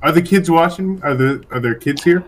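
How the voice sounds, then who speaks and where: A man playing in a tabletop game, animated and swearing as he speaks in character. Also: fairly high pitch, fairly quick. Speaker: player. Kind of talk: casual tabletop game play.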